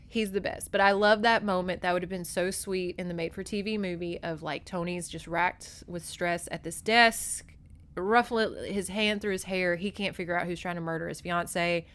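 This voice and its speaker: A woman's voice: on the low side, fairly even intonation, normal speed, a bit bright. A young adult woman hosting a podcast, recapping a novel in a chatty, gushing way, swearing freely, close on a microphone. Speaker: podcast host. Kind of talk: casual book recap.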